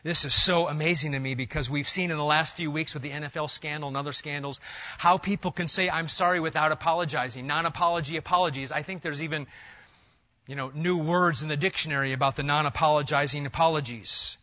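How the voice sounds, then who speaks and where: A pastor preaching a sermon, swinging between loud emphatic bursts and hushed, near-whispered lines. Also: male voice, a little high, steady tone, fast talker. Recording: dull lo-fi church recording.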